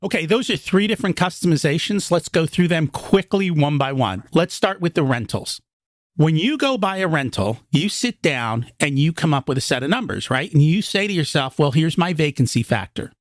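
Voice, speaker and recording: A man's voice: a little high, big pitch swings, moderate pace, no echo, studio quality. A man, a podcast guest, explaining in practical, emphatic terms, acting out inner dialogue. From immigrated to the United States as a child. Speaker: podcast guest, real estate investor. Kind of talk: conversational interview explanation.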